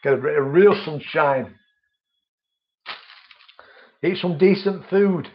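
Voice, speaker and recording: A man's voice: on the high side, slow pace, slight background noise. Guy chatting on his live stream, friendly, calls everyone mate, dull lo-fi audio. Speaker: vaping channel host. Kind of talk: live-stream chat reading viewer comments.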